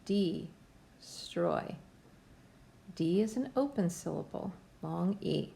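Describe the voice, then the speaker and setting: A woman's voice: fairly low pitch, vocal fry, a little mellow. A woman teacher giving a patient, step-by-step phonics lesson to young students from home. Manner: slow, patient, step-by-step instruction.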